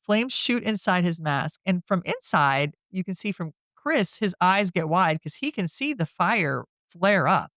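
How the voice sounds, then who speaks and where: A man's voice: sits high, very animated, pushed and bright, no echo, studio quality. A man co-hosting a podcast, casually recapping a film plot in a chatty way, laughing often and slipping briefly into the characters' lines. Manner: chatty, laughs often, drops into quick quoted voices. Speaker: podcast co-host.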